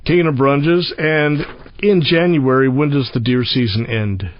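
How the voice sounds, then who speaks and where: A man's voice: mid-range voice, a little slow, a little hiss or hum. A man hosting a radio interview, talking in a rambling, folksy, joking way. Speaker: radio host. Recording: slightly muffled radio sound.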